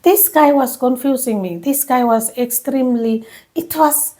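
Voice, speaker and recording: A woman vlogger telling a personal story in an emotional, animated way, full of restarts and repeats, speaking English as a second language. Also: sits high, a little slow.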